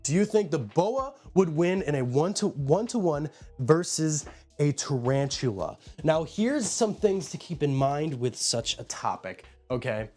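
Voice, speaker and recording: A man's voice: on the high side, sing-song, a little slow, a little mellow, faint music behind. A man casually chatting on a live stream from a room at home, rambling as he greets viewers by name. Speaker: live streamer showing his pet enclosures.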